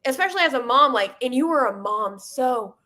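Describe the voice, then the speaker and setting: A young woman co-hosting a live chat show over a video call, chatty, self-deprecating and quick to laugh. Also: sits high, expressive, bright, forceful tone. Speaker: co-host. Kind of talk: casual live-stream chat.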